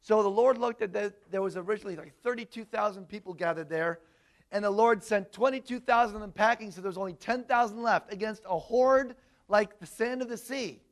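A man preaching a sermon to a congregation, animated and quizzing his listeners with questions. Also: sits high, fairly quick. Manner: animated, asks the audience questions.

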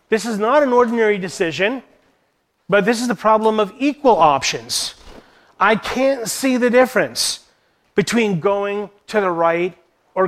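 Male Christian teacher, high-pitched voice, earnest and questioning delivery to church leaders. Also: a bit bright. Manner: earnest, poses rhetorical questions.

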